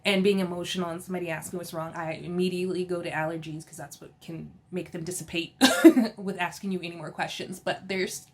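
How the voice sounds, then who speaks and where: A woman with a lowish voice recaps a reality show in a casual, opinionated way, animated and sassy, laughing often and quoting people in exasperated voices.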